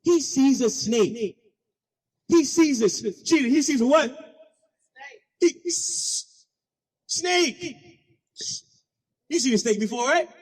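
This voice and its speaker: A man giving a keynote speech, telling stories in an animated, playful, slangy way with frequent call-and-response. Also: very high voice, normal speed, in a large hall. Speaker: keynote speaker. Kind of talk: storytelling speech.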